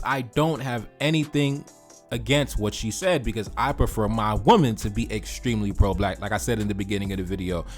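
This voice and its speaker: A man hosting a reaction video, giving emphatic, repetitive commentary with slangy asides. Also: fairly low pitch. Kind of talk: commentary reacting to social media posts.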